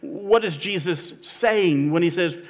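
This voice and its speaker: A man's voice: sits high, slow, long reverb tail. A man preaching as a church pastor, speaking earnestly and inviting listeners, with emphatic rises when he stresses scripture. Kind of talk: sermon.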